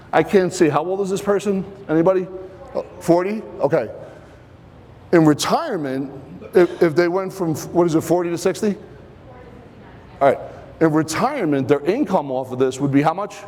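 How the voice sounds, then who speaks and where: A man giving a live seminar presentation to an audience, energetic and a bit out of breath, firing questions at the crowd. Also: a little high, moderate pace, long pauses, slight background noise. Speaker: financial speaker presenting at an event. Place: event hall with live audience. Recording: long hall reverb.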